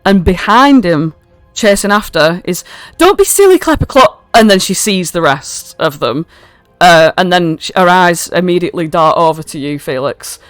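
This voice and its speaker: A woman's voice: on the low side, normal speed, no echo, soft background music. A woman runs a tabletop game as game master, narrating casually with swearing and frequent fillers. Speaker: dungeon master.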